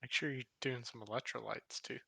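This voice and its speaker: A man's voice: medium pitch, steady tone, a little fast, vocal fry, bright, forceful tone, breathy edge, no room sound. A man chatting casually as a guest on a livestream, blunt and teasing. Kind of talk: casual chat.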